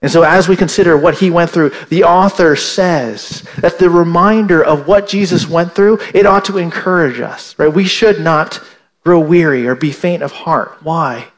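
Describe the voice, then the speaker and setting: Male pastor, higher voice, sermon delivery, punctuates with "right?", repeats key lines. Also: normal speed. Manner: repeats "right?" to the congregation, emphatic restatements; acts out imagined indignant listeners with a raised voice.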